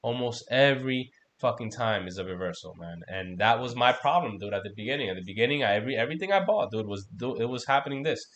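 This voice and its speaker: A man's voice: medium pitch, lively intonation, fast, few pauses, a bit bright, dull audio. A man hosting a casual trading livestream, talking loosely and profanely while going over charts, peppering his talk with "man" and "right?". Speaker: crypto trading stream host.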